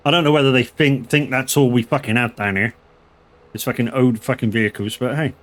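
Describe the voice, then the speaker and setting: Playing a farming game on stream, a middle-aged man tells meandering, profanity-heavy stories in a casual chat. His medium-pitched voice is fairly even in intonation and a little fast.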